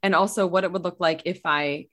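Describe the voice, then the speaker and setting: A woman in her thirties with a somewhat low voice tells a personal story as a podcast guest. Her delivery is lively and chatty. She laughs easily and leaps upward in pitch whenever she quotes someone. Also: a little fast. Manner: animated, laughs often, voices quotes with sharp pitch jumps. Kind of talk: casual storytelling chat.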